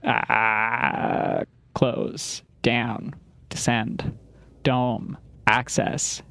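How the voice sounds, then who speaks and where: Slow-talking streamer man thinking aloud. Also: mid-range voice, flat delivery, gravelly, bright, forceful tone, no echo. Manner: thinking aloud, puzzling through problems; apologetic and self-aware. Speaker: game streamer. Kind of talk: live-stream commentary while playing.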